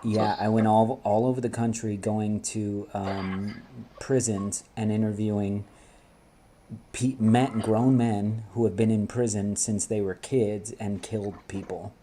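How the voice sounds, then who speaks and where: A man's voice: on the low side, little pitch movement, warm tone. A man hosting a casual sports fan show, bantering with friends, laughing and swearing freely. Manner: laughing, swearing, quick asides. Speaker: host.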